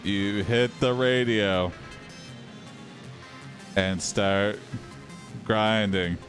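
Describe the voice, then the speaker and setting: Host, man, low voice, very slow drawn-out dictation with fillers. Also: a bit bright, faint music behind. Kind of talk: improvised comedy story narration.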